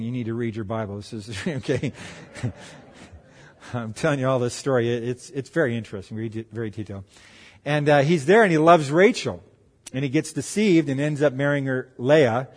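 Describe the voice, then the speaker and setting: A man preaching in a church, retelling a story with lively acted-out voices. His pitch sits at a middle level, and a long reverb from the hall follows each phrase. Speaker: pastor. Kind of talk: sermon storytelling.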